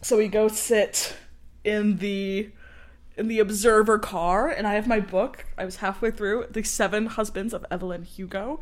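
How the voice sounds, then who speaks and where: This is a podcast co-host in her twenties, recounting a story during easygoing conversation. Her voice is mid-range and her pace moderate, and she stays animated, laughing often while playing the people she quotes.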